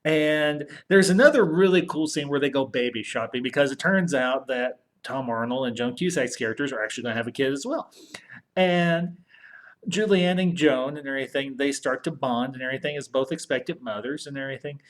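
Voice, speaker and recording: A man's voice: mid-range voice, a little fast. A man casually retelling a film's plot as a podcast host, rambling and often adding "and everything". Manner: rambling, repeats "and everything", restarts. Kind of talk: casual movie recap.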